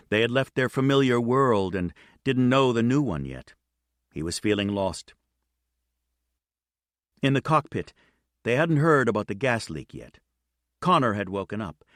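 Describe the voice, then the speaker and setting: A man narrating a novel in an even, measured reading. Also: on the low side, no room sound, studio quality. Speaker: audiobook narrator. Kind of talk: scripted narration.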